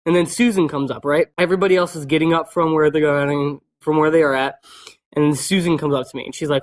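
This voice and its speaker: A man in a casual vlog rattles off a childhood story at a quick clip. His voice sits a little high. He rambles, loops back on himself and drops swear words constantly. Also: steady tone. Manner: many fillers and restarts. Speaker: vlogger.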